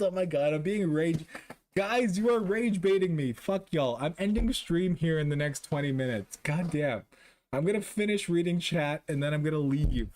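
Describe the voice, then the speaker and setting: A Canadian man streaming live, reading chat and ranting about vaccines, exasperated and profane, swinging between loud outbursts and low muttering. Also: lively intonation, normal speed, smooth. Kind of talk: casual livestream chat.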